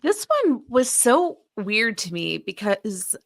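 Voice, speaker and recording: A woman co-hosting a podcast in casual chat, animated and exasperated, full of fillers and swearing. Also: medium pitch, slow pace, vocal fry, dry recording, studio quality. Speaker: podcast co-host.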